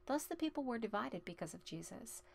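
A woman reading scripture aloud in a steady, plain voice, including verse references and notes. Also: on the high side, a little fast, gravelly, husky. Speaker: Bible reader.

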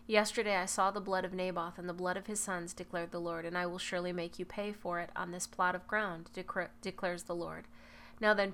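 A woman reads a long Bible passage aloud in a measured, even way, now and then stopping to correct a slipped word. Her voice sits at a middle pitch for a woman. A faint hiss of background noise runs under the recording. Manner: measured reading with occasional self-corrections. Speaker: Bible reader. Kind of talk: scripture reading.

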